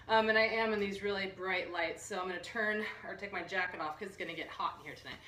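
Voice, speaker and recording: A woman's voice: mid-range voice, a little fast, bright, forceful tone, echoey room, far from the mic, a little hiss or hum. A woman nutritionist hosting a live online health workshop, bubbly, jokey and full of energy. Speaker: nutritionist host. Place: room under bright lights.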